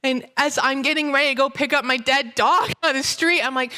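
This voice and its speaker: High, bright-voiced woman preaching. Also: a little fast. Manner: animated storytelling, breaks into laughter. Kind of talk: sermon with personal story.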